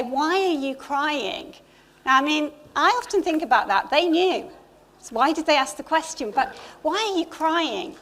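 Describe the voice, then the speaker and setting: A woman's voice: sits high, fairly bright tone. A middle-aged woman with an English accent giving a chatty, informal Easter sermon in a church, with light asides to the congregation. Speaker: church leader. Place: church hall.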